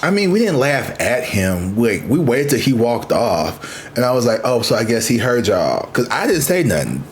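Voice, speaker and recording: A man in his thirties telling a story in a casual, profane, animated way, as a vlogger. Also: medium pitch, normal speed, a little hiss or hum. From Missouri, USA. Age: 30s.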